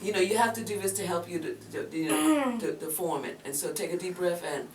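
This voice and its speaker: A woman's voice: fairly low pitch, expressive, fairly quick. Encouraging vocal coach woman, echoey room. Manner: encouraging and chatty, calls the student "girl". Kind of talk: voice lesson instruction. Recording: echoey room, mic far off, background noise.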